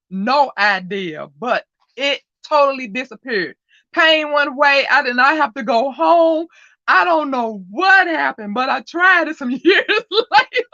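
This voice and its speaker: A chatty woman hosts a casual livestream and tells stories with plenty of laughter. Her voice is bright and forward. The sound is dry and a little dull. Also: high-pitched, dry recording. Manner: chatty storyteller who laughs often. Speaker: livestream host.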